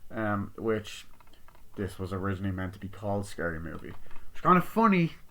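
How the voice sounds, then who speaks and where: A man's voice: lowish voice, very animated, brisk, sharp tone. A man giving a casual, rambling movie review, swearing often as he retells scenes. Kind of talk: casual spoken film review.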